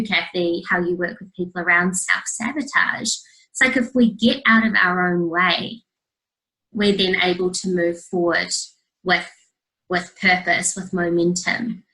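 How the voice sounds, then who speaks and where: A woman's voice: on the low side, sharp tone, rough recording. A young woman, talking earnestly as a coaching guest in a casual interview, with many fillers. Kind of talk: casual interview chat over video call.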